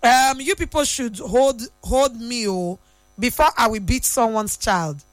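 A woman's voice: on the high side, measured pace, no echo. A young woman with a Nigerian accent, hosting a casual talk show, chatty and teasing with bits of Pidgin slang and frequent laughter. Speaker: radio host. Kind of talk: casual chat.

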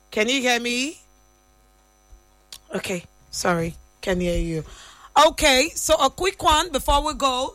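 A woman's voice: on the high side, a bit bright, no echo. Chatty Nigerian woman, teasing and laughing. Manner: chatty, teasing, laughs often, Pidgin slang. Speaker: radio host. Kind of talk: casual chat.

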